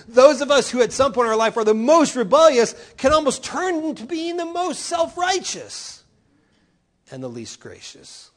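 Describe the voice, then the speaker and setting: Animated middle-aged male pastor preaching. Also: very high-pitched, normal speed. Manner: animated, rhetorical questions, voicing quoted speakers. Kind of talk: sermon.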